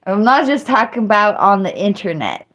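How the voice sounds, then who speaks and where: A woman live streamer chatting casually to her viewers. She rambles loosely, mocks herself and breaks into squeals and yells. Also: mid-range voice, expressive, moderate pace. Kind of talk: casual livestream chat.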